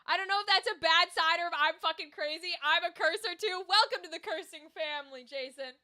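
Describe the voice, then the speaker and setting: A woman talking to her stream viewers in an animated, casual way, swearing freely and bursting into exclamations. Her voice sits high and bright. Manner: animated, profane, quick to exclaim. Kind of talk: casual livestream chat.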